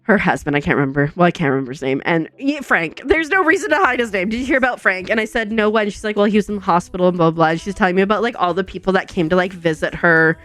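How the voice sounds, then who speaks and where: A young woman streaming from home, chatting casually with viewers, bubbly and chatty, full of "like" and quick laughs. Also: mid-range voice, expressive. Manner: says "like" a lot. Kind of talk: casual chat with chat readers. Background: soft background music.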